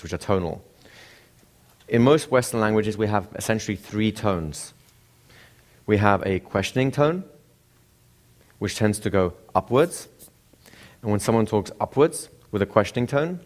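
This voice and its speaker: A man teaching a class, who keeps asking the room questions and acts out examples of speech intonation. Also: fairly low pitch. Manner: asks the room frequent rhetorical questions. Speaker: instructor. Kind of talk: classroom lecture.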